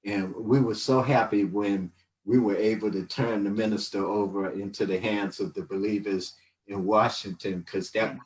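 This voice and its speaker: A man's voice: lowish voice, fairly even intonation, moderate pace, far from the mic, low-quality recording. A man in his sixties giving a rambling, reflective testimony as a podcast guest, full of fillers. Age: 60s. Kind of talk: casual storytelling testimony.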